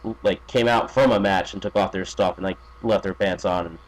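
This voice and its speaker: A man's voice: low-pitched, steady tone, a little fast, poor audio. A man chatting as a podcast guest, rambling with many fillers, restarts and profanity. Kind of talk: casual podcast chat.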